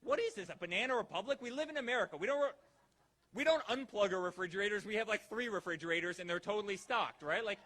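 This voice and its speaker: Speaking fast in a high-pitched, sharp voice, a male political speaker rouses a rally crowd. He keeps launching rhetorical questions at them over and over.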